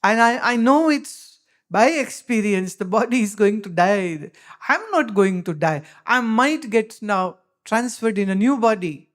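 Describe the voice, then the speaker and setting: A woman's voice: mid-range voice, animated, a little slow. A woman with an Indian English accent gives a spiritual discourse as a teacher, speaking emphatically and asking pointed rhetorical questions.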